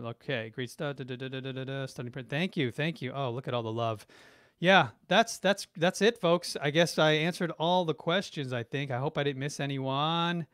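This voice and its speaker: A middle-aged man who specializes in branding and marketing joins a live stream as a guest, eagerly responding to viewer questions from the chat and often restarting his sentences. His mid-range voice is fairly bright and clean-toned, recorded dry in a clean studio.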